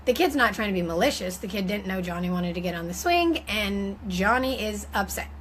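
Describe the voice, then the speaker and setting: A woman's voice: medium pitch, expressive, brisk, slight background noise, rough recording. A woman giving an informal teaching talk on parenting, speaking conversationally with frequent fillers and restarts.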